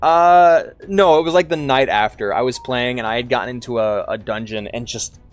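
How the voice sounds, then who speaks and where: A man's voice: mid-range voice, moderate pace. Rambling, sheepish male streamer. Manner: rambling, sheepish, swears a lot, many restarts. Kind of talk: casual stream chat while gaming.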